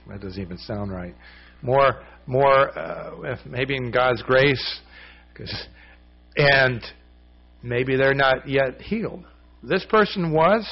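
Male pastor, conversational sermon delivery, storyteller, slightly muffled recording. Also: mid-range voice. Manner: storytelling, acts out quoted voices, conversational. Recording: slightly dull lo-fi sound.

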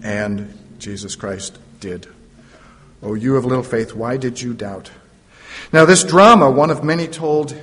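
A man's voice: mid-range voice, a bit bright. A man preaching a sermon, retelling a story dramatically with playful asides. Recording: long reverb of a large hall.

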